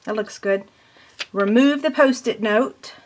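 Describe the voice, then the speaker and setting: A woman's voice: fairly high pitch, measured pace, slight background noise. Chatty woman demonstrating a paper craft. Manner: chatty, step-by-step, self-deprecating. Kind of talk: casual craft tutorial.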